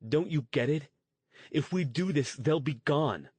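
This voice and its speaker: A man's voice: a little high, expressive, measured pace, darkish tone, husky, no room sound, voice pushed up. Guy voicing an earnest young dude, pleading, casual. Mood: urgent. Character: earnest young man, a fighter, eager.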